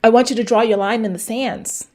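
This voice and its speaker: A woman's voice: on the high side, fairly even intonation, a little fast, darkish tone. A middle-aged woman hosting a fitness show, giving blunt, preachy advice straight to viewers and swearing for emphasis. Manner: talks straight to viewers, repeats lines for punch. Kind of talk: direct-to-camera advice rant.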